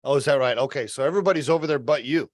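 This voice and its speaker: A male podcast host introduces and questions his guest in an upbeat, chatty manner. His voice sits at an average pitch and is recorded dry and close, with no room echo. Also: racing. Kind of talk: casual podcast hosting.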